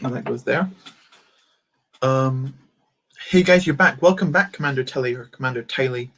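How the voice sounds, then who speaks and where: A young man talks casually while streaming a build, with a middle-pitched voice. He rambles, reads chat aloud and fills gaps with ums and half-started words. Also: normal speed, a bit bright. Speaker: live streamer building Lego.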